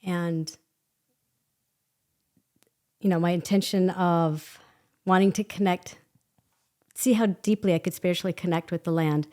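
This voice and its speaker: Female guest, lower voice, lively storyteller who laughs and acts out voices. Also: measured pace, pauses often. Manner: animated, laughs often, acts out quoted voices. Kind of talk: conversational storytelling.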